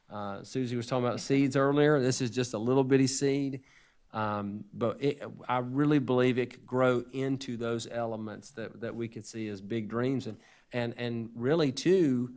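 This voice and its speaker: A man giving an unscripted report to a school board, earnest and hesitant, often restarting his sentences. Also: mid-range voice.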